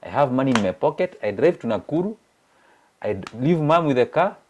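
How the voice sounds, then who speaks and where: A young Kenyan man with a Kenyan accent shares a personal story as a guest in a casual chat, mixing English and Swahili. He's animated and acts out the voices of people he quotes. His voice is medium-pitched and fairly quick, with a little hiss or hum in the background.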